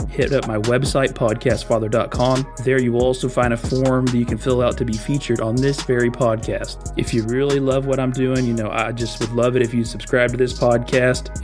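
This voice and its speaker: A man hosting his own podcast, talking in a casual, chatty and enthusiastic way. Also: medium pitch. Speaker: podcast host.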